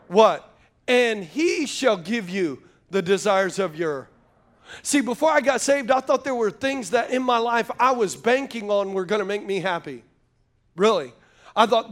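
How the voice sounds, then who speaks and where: A man's voice: high-pitched, measured pace. A man preaching a sermon, telling folksy stories and calling out to the congregation. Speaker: pastor.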